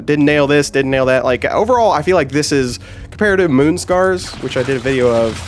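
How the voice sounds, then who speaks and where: A man's voice: medium pitch, animated, brisk, a little hiss or hum. A man with a nasal, stuffed-up voice from a sinus infection, reviewing a game in casual, joking commentary that rambles and corrects itself. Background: game soundtrack music.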